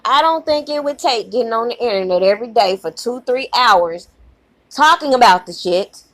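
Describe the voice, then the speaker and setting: A fired-up woman rants to her channel audience, swearing freely and hammering her points home. Her voice sits a little on the high side and jumps up sharply when she gets worked up. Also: animated, normal speed, a bit bright. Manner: heated, profane, emphatic, repeats herself. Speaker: channel host. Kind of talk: angry rant to camera.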